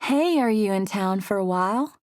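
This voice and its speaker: A woman's voice: medium pitch, lively intonation, normal speed, a little mellow, no room sound, clean studio sound, natural voice. A woman putting on a cooing Southern flirt. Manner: cooing drawl.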